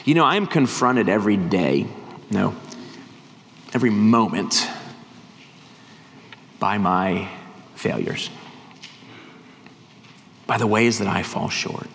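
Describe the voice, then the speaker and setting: A man's voice: on the low side, expressive, takes it slowly, creaky, long pauses, a bit bright. A middle-aged man, a visiting missionary, preaching a sermon, telling stories and quoting scripture with rising emphasis. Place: church hall. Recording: church hall reverb, faint noise.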